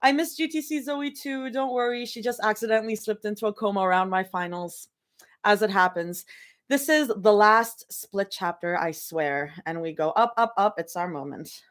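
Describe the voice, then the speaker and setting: A young woman hosts a casual bedroom livestream ahead of a fan fiction reading, wandering from topic to topic with frequent giggles and sudden excited yelling. Her mid-range voice moves at a moderate pace.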